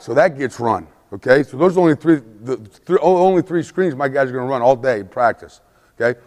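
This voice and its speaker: A man's voice: mid-range voice, animated, fairly quick. Emphatic man lecturing coaches in a hall. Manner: emphatic, checks in constantly, acts out shouted play calls. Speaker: football coach presenting a clinic.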